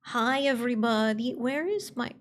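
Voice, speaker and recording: A woman streamer in casual livestream chat, excitable, swearing freely and swinging between squeals and grumbles. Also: fairly high pitch, moderate pace, slight background noise.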